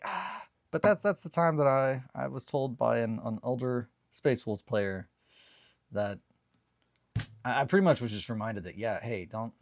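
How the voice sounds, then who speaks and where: A young man hosts a morning hobby show from his home hobby desk, telling a rambling story in a casual, self-deprecating way with the odd swear. His voice is mid-range and darkish, and the studio sound is clean and dry.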